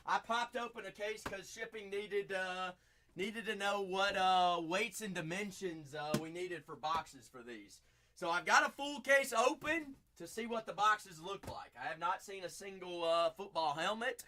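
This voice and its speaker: A man's voice: sits high, measured pace, pushed and bright. A chatty man with a Southern accent hosting a live card-break stream, talking to viewers by name.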